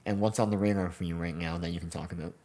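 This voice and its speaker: Low-voiced guy hosting a podcast, laid back, bit of faint hiss behind him. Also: racing. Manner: relaxed, affirming, short backchannels. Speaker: podcast host. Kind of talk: podcast conversation.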